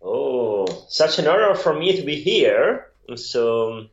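In a muffled, echoey recording, a guest photographer, a middle-aged man from Italy with an Italian accent, recounts his story during a laughing, meandering interview chat. He speaks slowly at a medium pitch but is very animated, rambling with frequent restarts and bursts of laughter.

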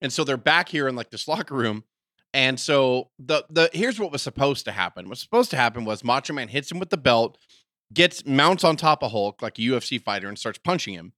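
A man hosting a podcast, telling a story in casual chat, animated and swearing freely. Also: medium pitch, fairly quick, dry recording, clean studio sound. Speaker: podcast host.

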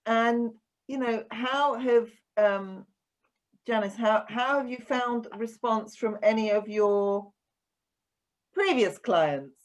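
A woman hosting an interview, asking questions in a relaxed way. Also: on the high side, slow pace. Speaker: interviewer, host.

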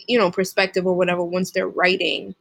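A woman's voice: lowish voice, completely flat delivery, fairly quick, vocal fry, a bit bright. A young woman co-hosting a casual couple podcast, frank and playful, with frequent giggles. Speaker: podcast co-host.

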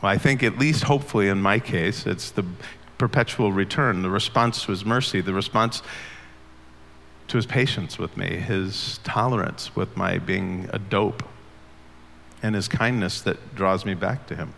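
A man's voice: fairly low pitch, moderate pace, vocal fry, fairly bright tone, slight background noise. A man preaching a sermon as pastor, earnest and conversational, asking the congregation questions. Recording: long hall reverb.

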